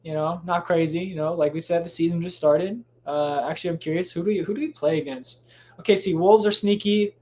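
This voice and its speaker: This solo podcast host is a man whose fairly high, slightly mellow voice moves at a brisk pace over a faint hiss or hum. Taping at home late at night, he rambles with frequent swearing, restarts, and tangents.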